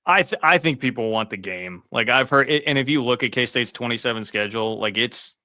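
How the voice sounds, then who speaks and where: A man's voice: mid-range voice, fairly quick, no room sound. A man hosting a sports podcast, chatting casually about college football with lots of fillers. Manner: relaxed, conversational, many fillers. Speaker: podcast host.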